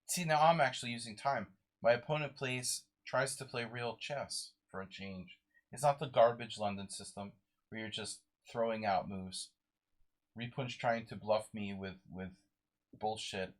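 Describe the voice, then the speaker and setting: A man's voice: medium pitch, measured pace. A sleep-deprived man streaming a live chess game, muttering moves to himself and chatting with viewers.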